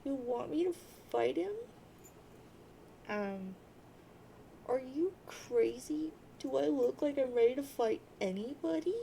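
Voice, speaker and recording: A woman's voice: high voice, lively intonation, gravelly, dark tone, slight background noise, heavily acted, poor audio. A woman voicing a grieving, lost teenage girl who sobs and wails. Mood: distraught. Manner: sobbing, wailing drawn-out boo-hoos.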